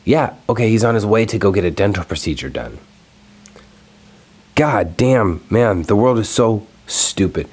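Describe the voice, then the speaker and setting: Fairly low in pitch and slightly rough, this young man's voice keeps a measured pace as he hosts his own video. He rants casually and with profanity about an online irritation, sounding exasperated and animated, recorded alone at home.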